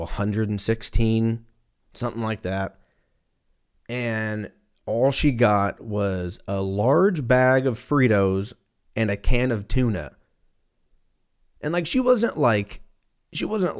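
A man in his thirties tells a loose, profane comic story. His voice sits slightly low and keeps veering off on tangents before circling back. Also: darkish tone. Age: 30s. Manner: profane, rambling, self-interrupting. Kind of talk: casual comedic storytelling.

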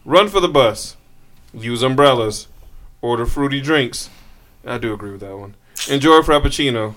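Un hombre que charla de forma relajada y bromista en una conversación casual, a veces con suspiros. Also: male voice, mid-range voice, expressive, moderate pace, fairly bright tone. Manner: jokey, laid-back, trails off with sighs. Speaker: podcast co-host. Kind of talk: casual chat.

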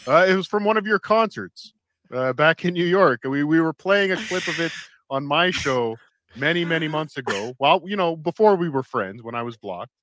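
A man's voice: fairly high pitch, expressive, moderate pace, a bit bright, no echo, poor audio. A man who hosts a show, explaining something with wry asides in casual chat. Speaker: show host.

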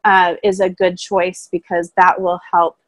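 Calm woman explaining voice warm-ups. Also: fairly low pitch, a little slow, no echo, low-quality recording. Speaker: voice coach guest. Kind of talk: casual interview chat. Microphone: own microphone, remote call.

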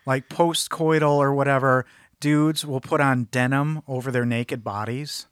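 A man's voice: medium pitch, steady tone, unhurried, smooth, no room sound, clean studio sound. A man co-hosting a podcast, chatting casually about a film in a rambling, jokey way. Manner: rambling, jokey, self-interrupting. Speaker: podcast co-host.

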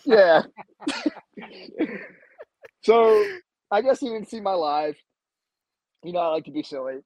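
A man telling a story as a podcast guest in a casual, animated way, acting out the voices he quotes. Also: slow pace, creaky, dry recording. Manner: animated, acts out quoted voices with big pitch jumps. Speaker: podcast guest, jiu-jitsu black belt. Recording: slightly dull, dry sound.

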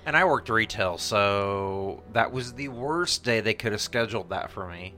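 A woman's voice: rumbling low, lively intonation, moderate pace, bright, forceful tone, faint music behind. A woman co-hosting a podcast who chats casually and acts out quotes with animation. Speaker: podcast co-host. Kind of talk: casual chat.

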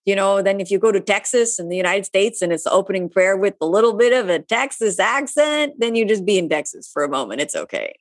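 A woman yoga teacher answering viewer questions in a live online session. She talks in a relaxed, chatty way with many asides. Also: mid-range voice, fast talker, hardly any pauses.

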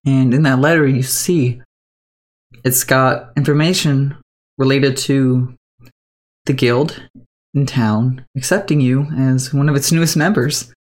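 A man running a tabletop game, narrating the scene to the player in a loose, unhurried way. His voice sits in a middle pitch, and he drops in casual fillers as he goes. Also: steady tone. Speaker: game master.

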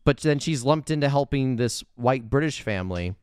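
A man talks casually on a podcast, circling his points with a stream of filler words before landing them. His voice is smooth and resonant. The sound is dry and close, with no room around it. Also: mid-range voice, normal speed, no room sound. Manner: rambling, heavy filler words, animated bursts. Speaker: podcast co-host. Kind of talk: casual movie review chat.

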